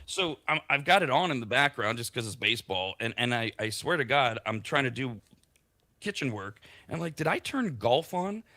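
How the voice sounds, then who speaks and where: A man's voice: medium pitch, animated, brisk, bright, forceful tone. A man hosting a morning radio show in a studio, chatting and reading out facts about the day. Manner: chatty, reads out the day's facts. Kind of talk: casual morning radio chat.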